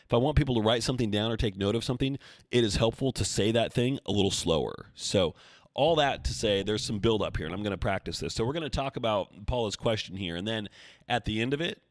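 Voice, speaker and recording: A man hosting his own podcast as a coach, talking casually and thinking out loud, with self-deprecating asides. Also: on the low side, expressive, fast talker, no echo, studio quality. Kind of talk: casual solo podcast talk. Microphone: desk mic, seated.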